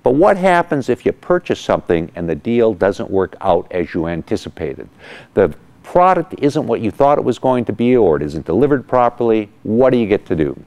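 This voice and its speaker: A man hosting a weekly legal explainer as an attorney, telling a case as an animated story and acting out the people in it. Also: fairly low pitch, moderate pace. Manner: animated storyteller, acts out quotes. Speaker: attorney host of legal segment.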